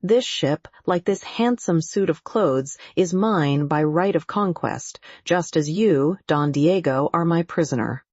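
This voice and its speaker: A reader voicing a cool, sardonic Irish pirate captain in an audiobook, speaking in a dry, mocking, measured way with an Irish accent. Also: mid-range voice, a little mellow, dry recording, highs cut off, natural voice.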